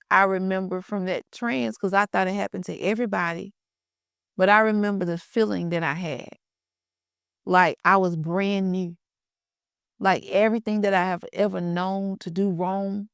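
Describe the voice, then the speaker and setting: Smooth-voiced woman telling her story. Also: mid-range voice, a bit bright, dry recording, studio quality. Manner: conversational, addresses listeners as y'all, colloquial grammar. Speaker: podcast host sharing her testimony. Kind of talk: casual personal storytelling.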